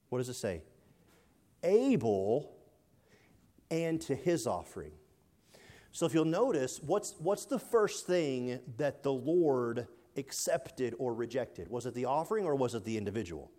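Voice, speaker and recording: A man delivers an expository sermon in an earnest, plain manner. He asks his listeners questions and answers them himself, often stumbling and repeating words as he explains. His voice sits at an ordinary middle pitch. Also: warm tone. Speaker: preacher.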